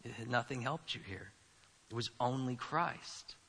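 A man preaching a sermon as a pastor, swinging between quiet asides and loud, emphatic lines. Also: mid-range voice, measured pace. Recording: preached in a room with long reverb.

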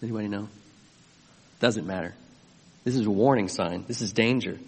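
A man's voice: fairly low pitch, moderate pace, darkish tone, husky, big-room sound. A man preaching a sermon as pastor, emphatic and often asking his listeners questions. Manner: emphatic, asks the congregation questions.

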